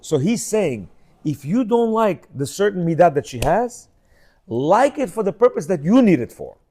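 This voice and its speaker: A man's voice: high voice, big pitch swings, normal speed, dark tone. A middle-aged man telling a rambling personal story with many restarts and acted quotes, as host of a casual talk.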